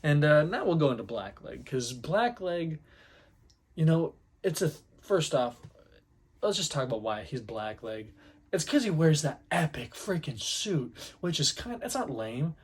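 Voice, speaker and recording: Husky-voiced excitable young man. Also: a little high, measured pace. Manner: excitable, rambling, slangy. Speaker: anime commentary YouTuber. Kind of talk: casual fan commentary.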